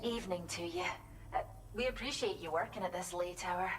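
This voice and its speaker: A woman's voice: lowish voice, brisk, close to an everyday voice. An actress voicing a courteous woman shelter worker in a video game. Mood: polite. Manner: courteous, businesslike. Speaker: animal shelter staff. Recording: game audio with music underneath.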